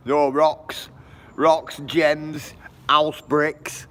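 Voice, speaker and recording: A man's voice: on the high side, flat delivery, drawn-out words, a bit bright. A man chats and jokes with viewers on a walking livestream, laughing often, filming outdoors on a handheld phone. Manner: jokey, chatty, laughs often, talks to viewers. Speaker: livestream vlogger. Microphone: handheld phone camera.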